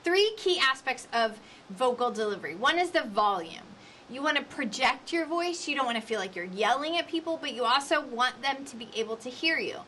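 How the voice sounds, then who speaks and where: Woman instructor, forties, bright crisp voice, slightly high, lively coaching lecture, faint background hiss. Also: fairly quick. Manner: lively, coaching tone with varied emphasis. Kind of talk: lecture on public speaking.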